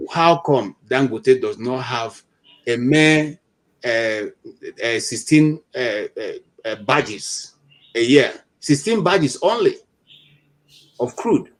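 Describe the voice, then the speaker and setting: A man in a political discussion who argues through rhetorical questions, with frequent hesitant fillers. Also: fairly high pitch.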